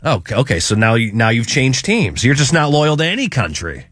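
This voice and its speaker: A man's voice: medium pitch, very animated, a little fast, a bit bright, no echo, clean studio sound. A man hosting a radio show, teasing his co-host in casual banter and often stumbling over his words. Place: radio studio.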